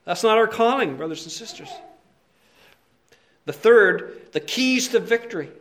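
A man preaching an expository sermon, earnest and emphatic, who keeps checking in with his listeners and moves between quiet asides and loud, stressed points. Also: sits high, expressive, unhurried.

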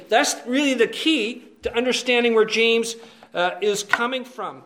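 A male preacher teaching verse by verse, chatty and checking in with "okay?". His voice sits high. The sound echoes around a roomy space. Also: unhurried, fairly bright tone. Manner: conversational, asks "okay?" often, many fillers. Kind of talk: expository sermon, verse by verse.

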